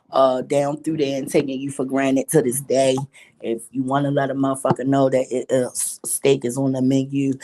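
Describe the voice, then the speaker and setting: A woman's voice: deep voice, darkish tone, a little hiss or hum. A middle-aged woman vlogging a candid story, with profane, emphatic and preachy talk.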